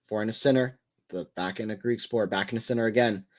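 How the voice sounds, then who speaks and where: A man's voice: on the low side, fast talker. A man giving casual live play-by-play tennis commentary, chatting and rambling between rallies and lifting his voice on big points.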